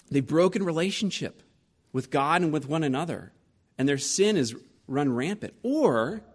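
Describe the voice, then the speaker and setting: A pastor in his forties preaches a sermon in a slightly rough, somewhat high voice. He tells personal stories and asks rhetorical questions, with lively shifts in loudness.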